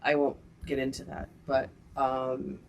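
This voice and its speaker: A woman's voice: a bass voice, unhurried, a little hiss or hum. A middle-aged woman, hosting a podcast and telling a personal story in casual chat, full of "like" and acted-out dialogue. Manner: animated storytelling, many likes and quoted dialogue. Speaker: podcast host.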